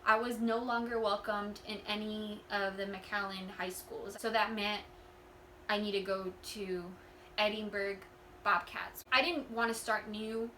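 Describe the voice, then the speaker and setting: A woman's voice: mid-range voice, steady tone, a little slow, sharp tone, a little hiss or hum. A young woman vlogger telling a personal story in a candid, rambling and earnest way, often restarting her sentences. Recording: echoey room.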